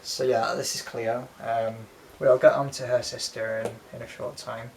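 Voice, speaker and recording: Casual collector co-host, male, creaky voice, loose and rambly, swears a lot. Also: mid-range voice, little pitch movement, moderate pace, heavy background noise. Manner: rambling, swears freely, many ums. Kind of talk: casual chat showing a collection.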